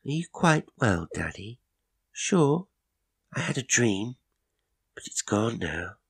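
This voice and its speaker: A man voicing a young girl who has just woken up, talking in high, excited exclamations. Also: takes it slowly, creaky, slightly rough, exaggerated voice.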